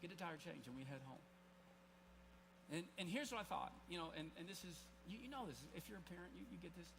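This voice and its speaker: A man's voice: sits high, animated, quick pace, gravelly, noisy background. A man in his forties preaching a sermon to a live congregation, telling a personal story in a loose, conversational way full of restarts and asides. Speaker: pastor. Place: church service, live before a congregation.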